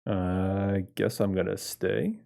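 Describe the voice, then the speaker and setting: Relaxed gravelly-voiced man playing games. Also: deep voice, takes it slowly. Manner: laid-back, laughs often, chats with viewers. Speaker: game streamer. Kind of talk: casual game playthrough commentary.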